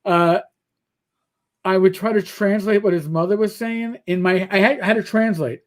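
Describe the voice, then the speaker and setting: On a livestream he co-hosts, a middle-aged man chats casually in a high-pitched voice at normal speed. His stories ramble, and he swears and starts over often.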